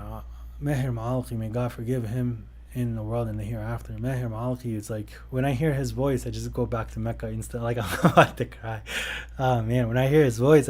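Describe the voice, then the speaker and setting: Through a warm, relaxed tone, a man hosts an online religious service and takes viewer questions. He talks loosely and conversationally, often trailing off mid-thought and starting again. His pitch sits in an ordinary middle range. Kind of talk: casual livestream question-and-answer.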